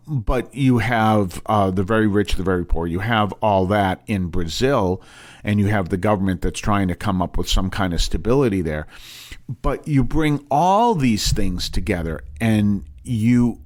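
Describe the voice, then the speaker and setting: A man's voice: on the low side, animated, normal speed. A man, a priest hosting a broadcast, teaching in a rambling, emphatic way with many restarts and asides. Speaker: priest and show host.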